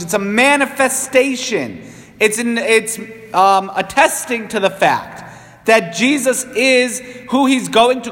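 A man's voice: sits high, fairly bright tone, big-room sound. A man in his thirties, a priest, giving a conversational sermon with self-deprecating asides. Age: 30s. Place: church.

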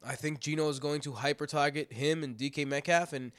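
A man's voice: a little high, fairly even intonation, brisk, a bit bright, no echo. A man hosting a casual fantasy football podcast, sick with a cold, loose and joking, talking into a computer microphone. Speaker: podcast host.

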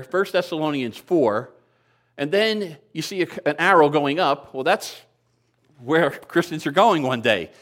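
An older man delivers a sermon in an easy, conversational way, with a bit of humor and plenty of questions put to the congregation. His voice sits a little higher than most men's. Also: a bit bright. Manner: conversational preaching with light humor and rhetorical questions. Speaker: pastor.

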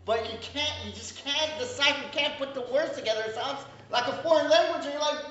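A male pastor preaching a sermon in a conversational, animated way, often checking in with the congregation and acting out small exchanges. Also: very high-pitched, a little fast, hardly any pauses. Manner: conversational, keeps asking "right?"; animated, acts out little dialogues. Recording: roomy echo, distant mic, dull sound.

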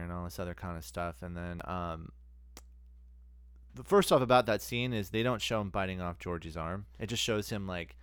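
Laid-back lower-voiced podcast man. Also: moderate pace, fairly bright tone, smooth, no room sound. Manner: laid-back, rambling, casual swearing. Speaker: podcast co-host. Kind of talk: casual chat.

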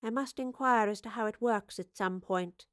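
A woman voicing an unflappable female professor who speaks calmly and teases with dry, cutting wit. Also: mid-range voice, moderate pace, no room sound, lightly acted. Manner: calm, dry and quietly cutting. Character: sharp-witted female professor, unflappable and dryly teasing.

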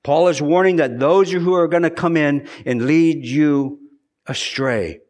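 A man's voice: a little high, a little slow, darkish tone. A man preaching a sermon as pastor, earnest, often repeating and restarting phrases for emphasis.

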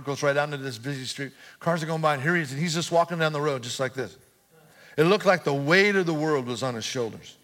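A man's voice: fairly high pitch, a bit bright. A middle-aged man preaching a sermon as pastor, telling a personal story casually and then building to emphatic, repeated calls. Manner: preaching with rising emphatic repetition, chatty storytelling. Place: church auditorium.

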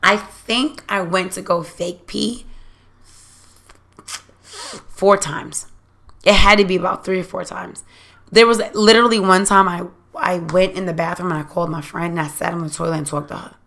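A young adult woman telling a candid, profane dating story in a casual, animated chat. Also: fairly low pitch, moderate pace, vocal fry.

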